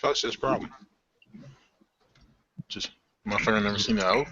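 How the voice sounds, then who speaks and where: A man with a lowish voice talks at a tabletop game in a laid-back, blunt way, swearing casually. The recording is dull and lo-fi, with a clear hiss underneath. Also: unhurried. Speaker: player.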